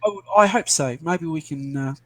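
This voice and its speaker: A man's voice: fairly high pitch, normal speed, no room sound. An older Australian man chatting casually, rambling and self-deprecating with many restarts. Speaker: interviewee. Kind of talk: casual video call chat.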